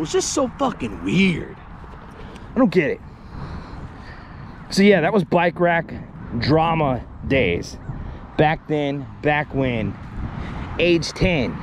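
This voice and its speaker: Man vlogger, high and lively, rambling outdoors on a camera mic, traffic faint behind. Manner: excitable, swears freely, chatty asides. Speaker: paranormal explorer vlogger. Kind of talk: walking vlog narration to the camera.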